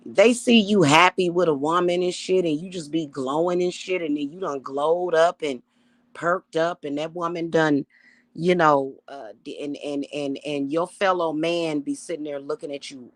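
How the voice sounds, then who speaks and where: A middle-aged woman, a self-styled high priestess, ranting to her viewers in a casual, emphatic and profane way. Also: no echo. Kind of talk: casual spiritual rant to camera.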